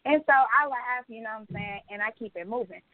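Animated woman telling stories over a phone line. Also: a little high, fairly quick, no echo. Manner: animated storytelling, swears freely. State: pregnant. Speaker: podcast co-host. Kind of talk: casual chat.

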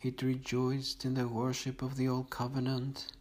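A man reading liturgical morning prayers aloud in a steady, measured recitation. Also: mid-range voice, poor audio. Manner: steady monotone recitation on one note. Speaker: liturgical reader.

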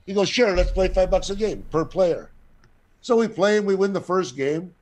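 A man's voice: high-pitched, moderate pace. A middle-aged man telling a long anecdote in casual talk, swearing freely and acting out the other people's lines. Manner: profane, animated, acts out quoted voices. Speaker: guest storyteller.

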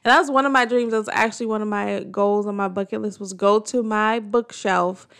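Gravelly-voiced woman telling a story. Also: fairly quick. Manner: animated storytelling, acting out quotes with pitch jumps. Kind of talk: casual chat.

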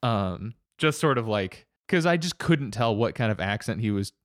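A man's voice: on the low side, expressive, moderate pace, no echo, studio quality. A young man in casual film chat, thinking aloud hesitantly with many fillers.

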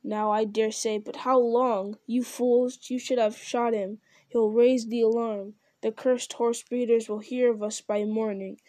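Woman reading brutal male orc captain, barking threats, mellow tone, dry close sound. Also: on the high side, level tone, measured pace, few pauses, no room sound, lightly acted. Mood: harsh, commanding.

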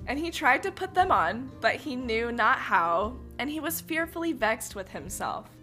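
Lady podcaster reading a fairy tale aloud, real animated, bright voice, faint music underneath. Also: on the high side, moderate pace. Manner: animated, dramatic storytelling. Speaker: podcast host reading folktales. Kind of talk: expressive storybook narration.

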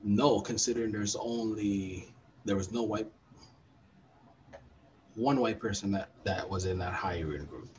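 A man's voice: on the low side, unhurried, long pauses, distant mic, highs cut off, slight background noise. A man in casual chat, animatedly acting out his coworkers. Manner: animated storyteller, acts out coworkers.

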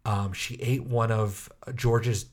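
A man with a slightly low voice talks his way through a story in easy podcast chatter. He is wry and offhand and keeps cracking dry asides. Fillers and little restarts pile up as he goes. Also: fairly even intonation, slow pace. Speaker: podcast co-host. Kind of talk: casual chat.

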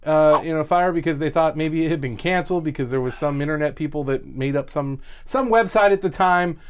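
A fairly high-voiced man in casual podcast chat, telling rambling stories with frequent laughs. His talk wanders, full of restarts and asides. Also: fairly quick, a little hiss or hum. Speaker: podcast co-host.

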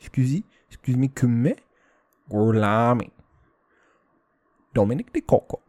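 A man voicing a suave officer who politely feigns confusion, in halting, repeated questions. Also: medium pitch, expressive, darkish tone, no echo. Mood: mock-polite.

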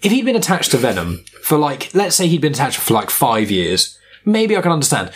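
A man reviews a film with his co-host in a casual podcast chat, rattling along at a fast pace. His voice is slightly husky. He often restarts his sentences as he pushes his point. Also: fairly high pitch, wildly swooping pitch. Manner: quick, rambling, restarts mid-thought.

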